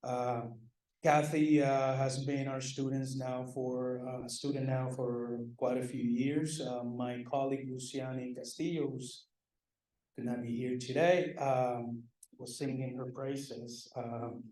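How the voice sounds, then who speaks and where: A man's voice: mid-range voice, little pitch movement, slow pace, warm tone. Joking man presenting awards in an echoing hall. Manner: joking, self-deprecating, loose. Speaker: department chair presenting awards. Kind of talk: ceremony speech. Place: large banquet hall. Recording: echoey hall, mic far off.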